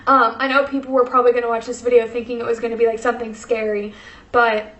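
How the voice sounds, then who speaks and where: A woman's voice: on the high side, little pitch movement, fast talker, fairly bright tone, echoey room. A young woman vlogger telling a personal story in casual chat, full of fillers, emotional and close to tears. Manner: chatty, many fillers, tearful and laughing.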